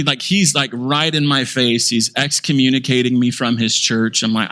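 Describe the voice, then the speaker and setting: A man pastor preaching a sermon, telling a story in an animated way and calling himself a little sarcastic. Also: mid-range voice, brisk, hardly any pauses.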